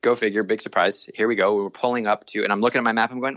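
Animated man telling a travel story. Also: lowish voice, rapid-fire, dry recording. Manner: animated, acts out voices, many fillers. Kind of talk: casual storytelling.

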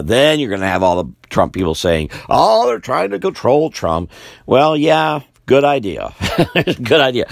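Gravelly, lively older man musing aloud. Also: low-pitched, no room sound, clean studio sound. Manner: rambling, repeats himself, sighs and laughs wearily. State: voice going low and tired. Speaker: podcast host. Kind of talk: solo political commentary.

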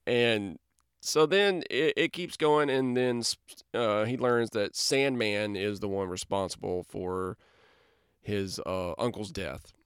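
A man hosting a podcast in casual chat, lively and chatty, laughing often. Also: lowish voice, slow, clear, resonant tone, no room sound, studio quality. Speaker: podcast host.

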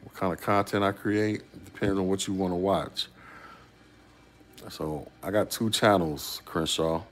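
Deep-voiced man chatting to his viewers. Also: fairly even intonation, a little slow, slight background noise. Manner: conversational, rhetorical questions to a commenter. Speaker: YouTube commentator. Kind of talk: casual chat with viewers.

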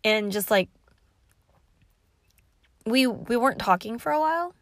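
A woman's voice: a little high, unhurried, a little hiss or hum. A woman in her thirties telling a casual, rambling story, full of fillers and swearing. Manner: rambling, profane and animated, with many fillers. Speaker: vlogger.

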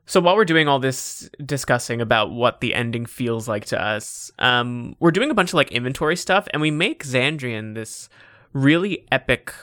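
Bright, wry gamer host. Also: mid-range voice, lively intonation, normal speed, no room sound, studio quality. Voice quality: bright, wry, laughs often. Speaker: let's play host. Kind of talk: casual gameplay chat.

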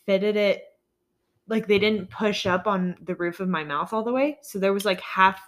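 A woman's voice: mid-range voice, moderate pace. A young woman co-hosting a podcast, chatting casually and telling rambling, self-deprecating stories. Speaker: podcast co-host. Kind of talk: casual chat.

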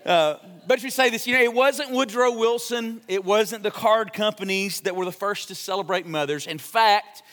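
A young pastor with a bright, high voice gives a sermon in a church sanctuary, spinning stories and cracking jokes in a chatty way. His pace is normal and he rarely pauses, while every phrase trails off into the room's long echo.

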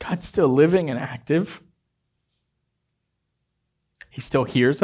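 Guy preaching a sermon, fairly high voice, goes quiet and close for the story then builds up loud. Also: slow pace, pauses often, husky. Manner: storytelling with hushed, intimate passages; rising to emphatic exhortation. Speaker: pastor.

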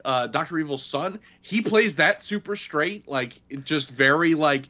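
A man's voice: a little high, expressive, unhurried, pushed and bright. A man co-hosting a casual podcast chat about a movie, rambling through scenes with lots of fillers. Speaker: podcast co-host. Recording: dull lo-fi audio.

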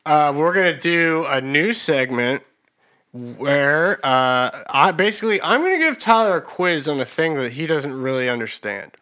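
A man's voice: a little high, moderate pace. A man co-hosting a podcast, chatting casually and cracking crude jokes. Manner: joking, crude, animated. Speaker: podcast co-host.

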